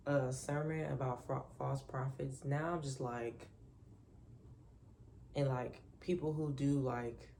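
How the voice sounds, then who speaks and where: A woman's voice: a bass voice, fairly even intonation, takes it slowly, gravelly, warm tone, slight background noise. A woman vlogger talking casually to the camera in a musing way, with many fillers. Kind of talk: casual vlog chat.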